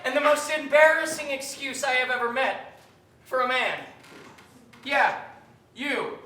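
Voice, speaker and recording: A woman acting a furious, foul-mouthed traveler stranded in an airport, yelling insults on a theatre stage. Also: high voice, a little slow. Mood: scornful. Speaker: stage comedy actor. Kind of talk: live stage comedy acting. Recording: roomy live theatre, distant mic, faint noise.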